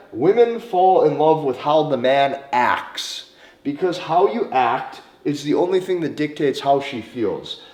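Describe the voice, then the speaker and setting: A man's voice: a little high, a little mellow. Emphatic man coaching in an echoey room. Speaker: dating coach. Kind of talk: direct advice monologue. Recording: roomy echo.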